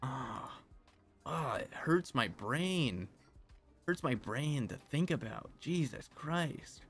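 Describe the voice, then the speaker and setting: A man's voice: medium pitch, animated, slow pace, fairly bright tone, breathy edge. A young man commenting on his gameplay, ranting and cursing at the game in exasperation, with faint game music behind. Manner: exasperated, swearing rants at the game. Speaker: gaming video creator.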